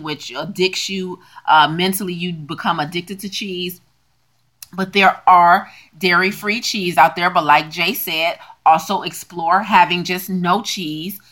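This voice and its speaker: A woman co-hosts a casual podcast, speaking as a health coach with a slightly low-pitched voice. She talks in long, lively runs and leans hard on her emphatic points. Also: normal speed. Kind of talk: casual chat and show promotion.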